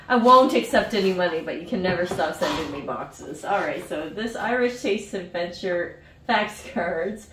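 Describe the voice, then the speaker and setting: A woman's voice: fairly low pitch, fairly bright tone, a little hiss or hum. A woman vlogger chatting casually to camera, bubbly and giggly, losing track of numbers as she goes. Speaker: vlogger reviewing a snack box. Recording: roomy echo, mic set at a distance.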